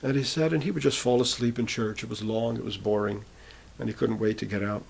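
A man's voice: mid-range voice, fairly even intonation, a little fast, vocal fry, a little mellow, husky. A man preaching, retelling a prisoner's conversion story and quoting the people in it. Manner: retells a testimony, quoting speakers in turn. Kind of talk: sermon storytelling.

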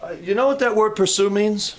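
A man's voice: high voice, fairly quick. A man preaching a sermon in church, emphatic and questioning his congregation.

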